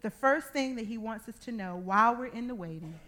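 A woman in her thirties or forties preaching a sermon, telling a personal testimony with animated, acted-out dialogue. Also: a little high, brisk. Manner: animated storytelling, acting out dialogue.

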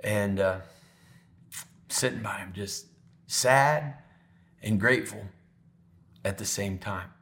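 A man preaching a sermon in a heartfelt, conversational way, often slowing into soft pauses. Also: fairly low pitch. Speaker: pastor. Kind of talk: sermon storytelling.

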